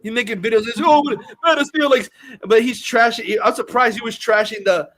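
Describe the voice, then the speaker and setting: A man's voice: very high-pitched, brisk, fairly bright tone. A man co-hosting a livestream in casual, profane chat, scoffing and agreeing while swearing. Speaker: co-host.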